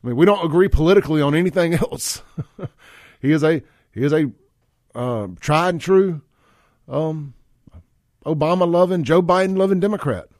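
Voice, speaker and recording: A man's voice: on the high side, normal speed, pauses often, a little mellow, no room sound, studio quality. A man hosting a radio talk show, rambling in a folksy way with frequent restarts. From Mississippi. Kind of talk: casual talk radio monologue. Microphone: studio microphone.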